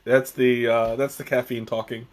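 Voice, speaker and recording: A man's voice: medium pitch, flat delivery, normal speed. A young man hosting a live tea tasting stream, chatting casually in a rambling way with restarts and chuckles.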